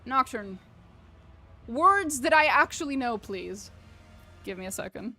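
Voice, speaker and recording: A woman's voice: a little high, lively intonation, moderate pace, pushed and bright, soft background music. A woman streaming a game, joking and swearing casually as she reacts to the text. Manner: profane, joking, reads game text aloud. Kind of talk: casual gameplay commentary.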